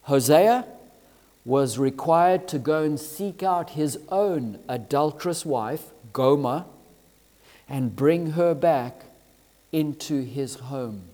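High-voiced preacher in a reverberant hall. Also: male voice, dark tone. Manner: emphatic, drawn-out phrasing with rising and falling emphasis. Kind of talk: sermon.

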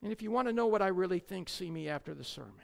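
In a big-room sound, a preacher with a mid-range voice and vocal fry sermonizes in an expressive, rapid-fire way. He's emphatic, shifting from loud declamation to quiet asides, and peppers it with sarcastic jabs and rhetorical questions.

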